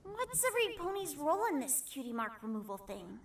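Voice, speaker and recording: A blunt, tomboyish little filly pony speaks in a squeaky falsetto during a storybook reading. Her voice leaps high and lively. It sounds distant and echoey over a noisy home recording. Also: brisk, creaky, heavily acted. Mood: questioning.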